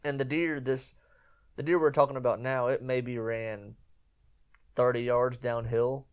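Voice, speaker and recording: A man's voice: mid-range voice, a little slow, clear, resonant tone. A man hosting a podcast, telling a hunting story in a rambling, casual way and repeating himself. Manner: rambling, repeats himself, quotes others in lively voices. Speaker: podcast host.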